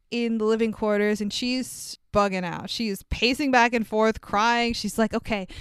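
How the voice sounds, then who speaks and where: A woman's voice: on the high side, clean tone, no echo, clean studio sound. A woman co-hosting a podcast, recapping a movie in a chatty, swearing, laughing way. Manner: chatty, swears, laughs often, acts out quotes. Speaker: podcast co-host.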